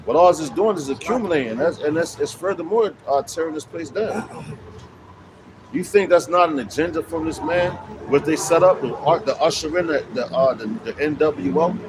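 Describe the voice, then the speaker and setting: A man's voice: a little high, moderate pace. A man street preaching in loose, slangy talk, cursing as he explains scripture outdoors. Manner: slangy, swearing, loose and conversational. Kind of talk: street preaching with casual commentary. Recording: noisy street with traffic. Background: traffic noise.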